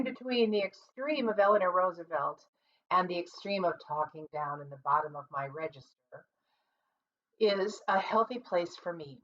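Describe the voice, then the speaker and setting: A woman's voice: lowish voice, normal speed. Woman teaching singing over dull, distant audio. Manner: calm, explanatory, practical. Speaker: music teacher and conductor. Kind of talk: online singing lesson. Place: home, seated at a computer. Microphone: computer mic.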